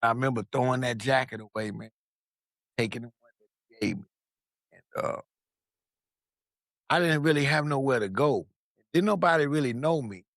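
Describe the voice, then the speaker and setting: A podcast guest from Long Beach, California speaks at normal speed in a medium pitch, pausing often as he tells his story. He's casual and animated, acts out quoted voices, and swears freely, and the studio-quality recording carries no echo.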